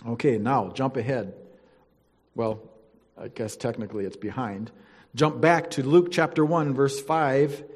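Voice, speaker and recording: A man's voice: medium pitch, darkish tone. A man teaching a Bible lesson, reading scripture aloud and stopping to comment with playful asides. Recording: long hall reverb.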